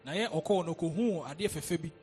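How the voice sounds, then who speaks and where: A man interpreting a sermon line by line after the preacher, echoing each phrase quickly. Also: a little high, a little mellow, faint music behind.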